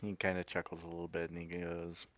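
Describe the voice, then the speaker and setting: Man, tabletop player, relaxed, low voice, dry close recording. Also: fast, no room sound. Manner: relaxed, narrates actions in third person. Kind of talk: casual tabletop role-play narration.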